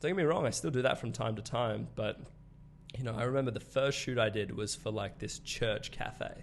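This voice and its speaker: A man's voice: medium pitch, brisk, vocal fry, slight background noise. Young Australian man guesting on a podcast, loose and profane storyteller. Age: 20s. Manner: swears freely, laughs often, loose storytelling. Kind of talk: casual conversation.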